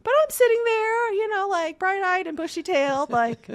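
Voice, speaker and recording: Woman podcast host, high voice, very lively pitch, casual storytelling, acts out dialogue. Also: moderate pace. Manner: animated, acts out dialogue, frequent "right?" and "okay?".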